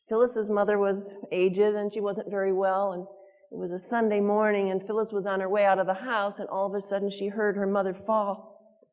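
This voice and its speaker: A woman with a mid-range voice tells a story earnestly and warmly. Her words carry a long, ringing hall reverb. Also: medium pitch, highs cut off. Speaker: co-author and speaker. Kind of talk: storytelling talk.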